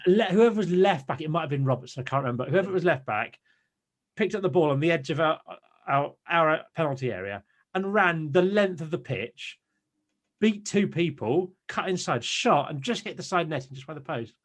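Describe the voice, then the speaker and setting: A man in his thirties, a podcast guest, telling stories in an animated, ranting way. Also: fairly high pitch, fairly quick. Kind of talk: casual chat.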